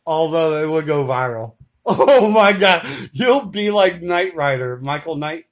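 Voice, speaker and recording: A man in his forties laughing his way through a casual home video, loud and full of swearing. His voice sits a little high and swings widely in pitch. He talks at an unhurried, drawn-out pace. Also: animated. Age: 40s. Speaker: filming his girlfriend at home.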